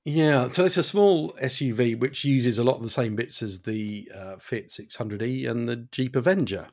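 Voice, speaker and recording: Male podcast co-host, gravelly mid-pitch voice, wry, hesitant delivery. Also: darkish tone. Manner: hesitant, wry, pausing often. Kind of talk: casual chat.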